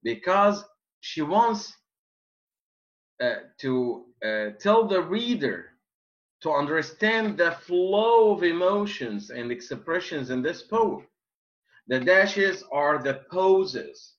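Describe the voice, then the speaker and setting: A man teaching a poetry lesson, explaining slowly and repeating himself, with many fillers and restarts. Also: on the high side, sing-song, lo-fi sound. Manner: slow, repetitive explaining with frequent fillers and restarts. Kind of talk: classroom lecture.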